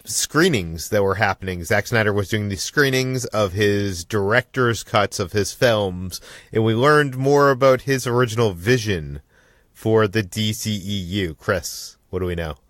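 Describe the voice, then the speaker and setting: Low-voiced man hosting a casual podcast. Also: unhurried, no room sound, studio quality. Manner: relaxed, filler-heavy, conversational. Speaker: podcast host.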